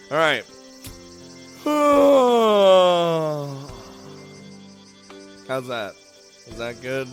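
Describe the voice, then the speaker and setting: A man's voice: fairly high pitch, gravelly, bright, forceful tone. A man streaming a game live, rambling and laughing often, casually swearing, just woken up and yawning.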